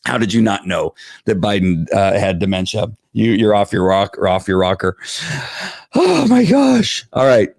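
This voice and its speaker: A man's voice: low-pitched, steady tone, normal speed, dry recording. A man hosting a live political talk show from home, exasperated and rambling, with frequent restarts as he reads viewer comments.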